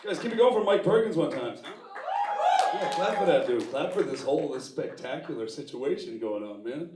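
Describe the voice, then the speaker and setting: A man from New York City works a live crowd with a loose, animated, profane stand-up set. He chuckles through his own jokes. The sound is distant and echoey, with noise underneath. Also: a little high, normal speed. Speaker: stand-up comedian. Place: live comedy venue with audience.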